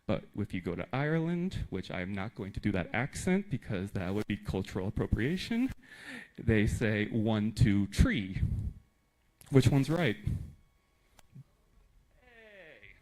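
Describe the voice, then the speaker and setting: A man from the United States giving a conference talk to teachers in a lively, emphatic way with joking asides. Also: fairly low pitch, measured pace, pauses often, low-quality recording. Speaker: teacher trainer.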